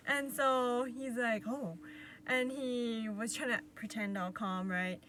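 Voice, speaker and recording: A woman vlogger telling a personal story to camera in a casual, animated way, laughing often and acting out what was said. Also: fairly high pitch. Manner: animated, laughing often, acts out quotes with sighs. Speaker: vlogger recounting a patient experience.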